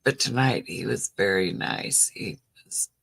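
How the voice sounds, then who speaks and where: A woman's voice: very deep voice, measured pace, gravelly, a bit bright, husky, whispered. A middle-aged woman hosting a casual livestream chat, rambling with lots of "you know" as she answers viewer comments. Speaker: livestream host.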